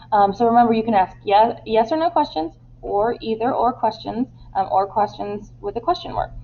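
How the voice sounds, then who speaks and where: A woman Spanish teacher giving recorded class instructions step by step, often pausing on "um" and reading out Spanish examples. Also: a little high, lo-fi sound, a little hiss or hum. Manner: explains step by step, with many "um" fillers and Spanish examples.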